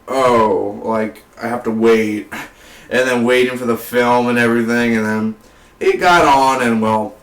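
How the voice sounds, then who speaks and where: A man talking through a movie review in a loose, rambling vlog style, peppered with fillers and calling the listener "man". His voice sits in a middle pitch. The sound is roomy, as if he's sitting a few feet from the microphone. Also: steady tone, normal speed. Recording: roomy, distant from the mic.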